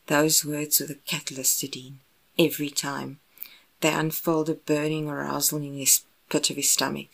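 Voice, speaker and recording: A woman with a low voice reads romance fan fiction aloud. Her narration is even and unhurried, with a steady storytelling pace. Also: vocal fry. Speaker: audiobook narrator.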